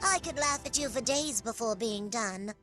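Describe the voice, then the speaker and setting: A woman's voice: on the high side, moderate pace, loud music behind the voice, close to an everyday voice. A woman voicing a tiny, haughty female mage who taunts in sing-song rhymes in a game cutscene. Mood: mocking.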